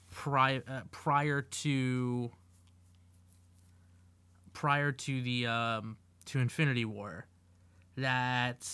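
A man co-hosting a pop-culture podcast, chatting casually with animated, laughing delivery and swearing. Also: mid-range voice, clean tone, no echo. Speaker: podcast co-host. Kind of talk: casual chat.

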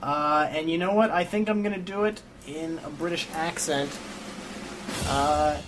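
A man's voice: on the high side, unhurried, fairly bright tone, a little hiss or hum. A man hosting a casual comedy chat show, wry and joking as he leads the segments. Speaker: podcast host.

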